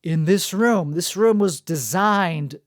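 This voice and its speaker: Slow-talking man with a worn, strained voice. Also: high voice, no room sound, clean studio sound. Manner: talks through barely moving lips, self-mocking and digressive. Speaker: podcast host. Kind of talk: rambling solo podcast monologue. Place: indoor room.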